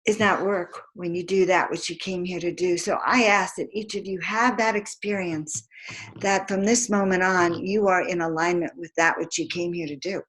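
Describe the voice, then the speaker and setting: A woman's voice: lowish voice, poor audio. A woman spiritual teacher giving a live motivational talk, chanting affirmations and calling out questions to her audience. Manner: emphatic, chanting affirmations, calls and responses. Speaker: spiritual teacher and card reader.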